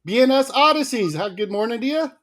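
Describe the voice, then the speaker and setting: A man's voice: very high-pitched, a little fast. Upbeat man greeting livestream chat. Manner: lively, greets chat viewers by name, laughs a lot. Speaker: livestream co-host.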